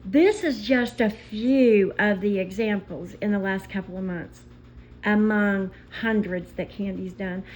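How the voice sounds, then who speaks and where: A woman vlogger telling stories in an emotional, indignant rant, pausing as she speaks. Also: medium pitch, fairly even intonation, slight background noise, poor audio. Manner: indignant, impassioned storytelling with pauses. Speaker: commentary vlogger.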